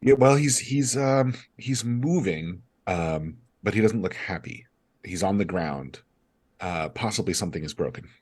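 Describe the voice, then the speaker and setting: Deep-voiced man narrating a tabletop game. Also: lively intonation, a little slow, a little mellow, slightly rough. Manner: hesitant, filler-heavy, apologetic. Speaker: game master.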